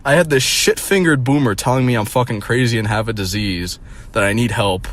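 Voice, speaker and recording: A man's voice: mid-range voice, brisk, fairly bright tone. A young man in his twenties, a streamer telling a rambling, profane story in a mocking, incredulous tone. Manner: profane, rambling, with many fillers. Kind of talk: casual storytelling rant.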